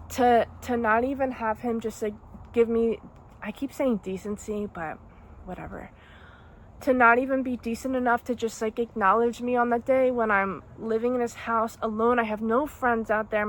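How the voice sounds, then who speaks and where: Young woman vlogger, higher voice, soft-spoken and halting storytime delivery. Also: a little hiss or hum. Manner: halting, emotional, soft-spoken with many restarts. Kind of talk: storytime monologue.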